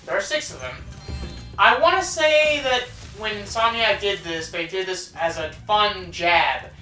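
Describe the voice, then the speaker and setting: A woman's voice: mid-range voice, expressive, unhurried, pushed and bright. A woman hosting a casual let's play, chatting and joking about the game as she plays. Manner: chatty, joking, self-deprecating. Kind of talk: casual gameplay commentary. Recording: roomy, distant mic with game music.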